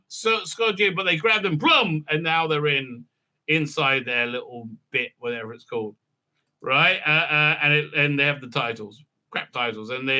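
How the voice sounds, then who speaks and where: A man's voice: on the high side, pushed and bright. A man hosting a casual episode recap and review, sarcastic and rambling with many fillers. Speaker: host.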